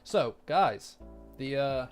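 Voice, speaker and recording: A man's voice: medium pitch, animated, slow, soft background music. A man streaming a casual chat, rambling and joking at his own expense. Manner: rambling, self-mocking, joking.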